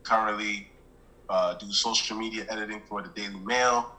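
A man from Brooklyn, New York, a guest writer and editor introducing himself in a relaxed, wry way. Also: on the low side, moderate pace, poor audio. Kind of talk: casual self-introduction.

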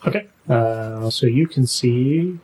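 A man acting as game master, narrating a tabletop game in a relaxed, matter-of-fact way. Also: medium pitch, slow, breathy edge, poor audio.

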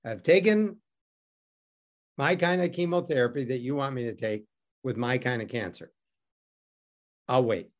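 A man's voice: medium pitch, measured pace, long pauses. A man from Detroit telling a personal story as a guest, wry and self-mocking, acting out the dialogue he quotes. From Detroit, USA. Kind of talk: animated storytelling.

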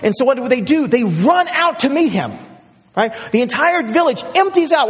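Animated high-voiced male preacher. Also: normal speed, big-room sound. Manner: animated storyteller, swings from excited shouts to hushed prayer. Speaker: pastor. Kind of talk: sermon.

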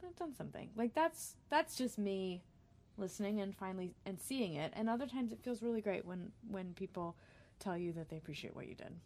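A woman's voice: mid-range voice, lively intonation, fairly quick, a little mellow. A woman singer-songwriter chatting casually as a guest, self-deprecating and talkative. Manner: chatty, self-deprecating, sings short jingles. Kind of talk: casual chat.

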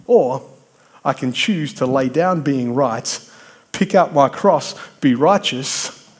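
A man's voice: mid-range voice, expressive, takes it slowly. A man preaching a sermon, conversational and emphatic, building points through repetition and bantering with people in the congregation.

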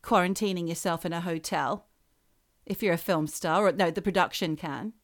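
A woman's voice: on the low side, moderate pace, dry recording, clean studio sound. A woman co-hosting a podcast in casual, playful chat, teasing her co-host.

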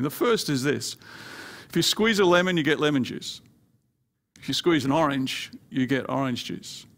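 A male pastor delivering a sermon, climbing higher and louder to press his points, with playful asides. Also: gravelly. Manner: rising pitch and volume when pressing a point, playful asides.

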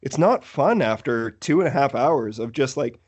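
A man's voice: mid-range voice, expressive, moderate pace, a little mellow, slightly rough, dull audio. A man hosting a casual podcast chat, joking, laughing easily and swearing. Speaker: podcast host.

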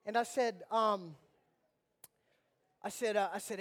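A man, preaching a sermon with animated storytelling and mock outrage, moving from soft prayer to loud bursts. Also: sits high, takes it slowly. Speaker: pastor.

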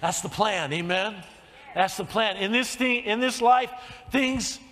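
An older man preaching a sermon, telling stories and swinging from soft, quiet lines to shouted emphasis. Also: sits high, unhurried. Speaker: pastor. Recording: long hall reverb.

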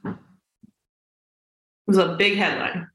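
A woman in her twenties chatting over a video call, her humor dry and teasing. Her voice sits at a middling pitch. An echo hangs around her voice from the room. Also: level tone, slow, bright, forceful tone. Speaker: podcast co-host. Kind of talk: casual chat.

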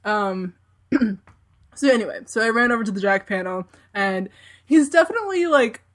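A woman's voice: medium pitch, expressive, moderate pace. A woman casually telling a long story, rambling with lots of fillers and frequent giggles.

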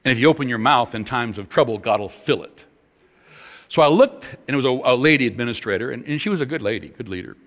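A middle-aged male pastor delivers a sermon with animated, emphatic storytelling. His pitch swings widely as he talks, and his voice rings with a long reverb as if in a big hall. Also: fast.

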